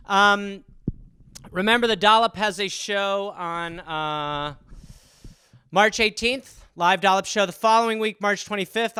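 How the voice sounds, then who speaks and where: High bright-voiced man riffing casually. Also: clear, resonant tone, dry recording, studio quality. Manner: loose, profane, rambling with fillers. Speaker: comedian podcast host.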